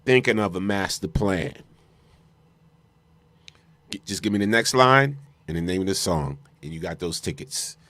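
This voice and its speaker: Low-voiced man hosting a radio show. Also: lively intonation, moderate pace, long pauses, fairly bright tone, dry recording. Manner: laid-back, chatty announcing. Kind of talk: casual radio talk.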